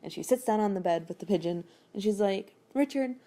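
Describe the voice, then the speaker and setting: A woman's voice: medium pitch, fairly even intonation, fast talker, mellow. A woman hosting a podcast, casually recapping a book in a chatty, rambling way. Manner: chatty, rambling, with frequent fillers and laughs. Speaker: podcast host recapping a novel. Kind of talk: casual chat.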